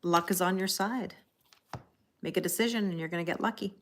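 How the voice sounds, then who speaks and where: A woman's voice: fairly low pitch, brisk, a bit bright, a little hiss or hum. A middle-aged woman hosting a live tarot reading, chatting casually, laughing often and answering viewers' comments. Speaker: tarot reader hosting a livestream.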